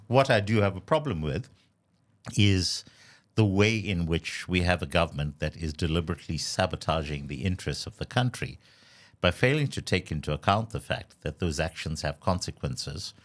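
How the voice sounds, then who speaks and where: A man co-hosting a political podcast, arguing in a measured, formal and deliberate way. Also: deep voice. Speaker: podcast co-host. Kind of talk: casual political discussion.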